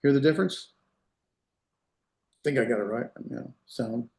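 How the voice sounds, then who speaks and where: A man's voice: medium pitch, normal speed, vocal fry, dark tone. A man giving a classroom lecture as a Hebrew instructor. He explains step by step, repeats examples and checks that students follow. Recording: roomy echo.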